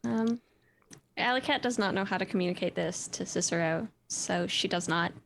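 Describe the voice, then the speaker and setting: A woman's voice: on the low side, moderate pace, vocal fry, slight background noise. A woman playing a tabletop roleplaying game, talking casually in fragments and laughing often. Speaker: player.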